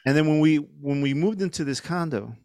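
A man's voice: fairly high pitch, a little fast, mellow, no echo. A middle-aged man, a podcast guest, telling a story casually with lots of fillers and swearing. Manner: rambling, profane, lots of fillers.

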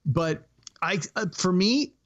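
A man co-hosting a casual movie podcast, talking in a halting way with many restarts and fillers. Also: high voice, lively intonation, a bit bright, dull audio. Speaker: podcast co-host.

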